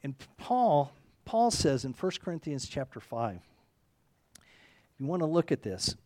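A man's voice: a little high, big pitch swings, measured pace, darkish tone, no echo. Rambling male pastor, dry sound. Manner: rambling, self-correcting, frequent "okay?" checks. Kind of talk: conversational sermon.

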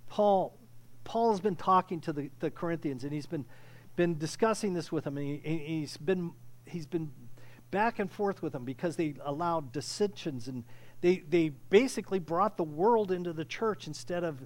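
A man preaching a sermon with impassioned delivery, often restarting phrases and building to loud peaks. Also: a little high, moderate pace. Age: older. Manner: impassioned, rising to near shouting, with frequent restarts. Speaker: pastor.

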